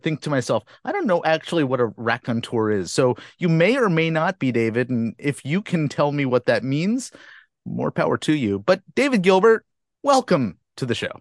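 A man's voice: on the high side, dry recording, studio quality. A man hosting a marketing podcast, chatty and self-deprecating as he interviews a guest. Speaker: podcast host. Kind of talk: casual interview chat.

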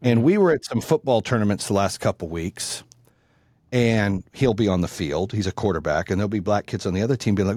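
A middle-aged man telling a long story in a casual, animated, profane way. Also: fairly low pitch, a little fast, dry recording. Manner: profane, animated, acts out the people in his story.

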